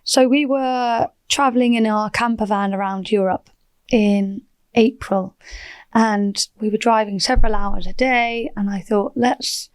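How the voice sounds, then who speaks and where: A chatty woman speaks in a slightly high voice, talking animatedly as a podcast guest. She laughs easily, and the recording is dry and close, with no room sound. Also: dry recording. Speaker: podcast guest, property entrepreneur. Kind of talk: casual interview chat.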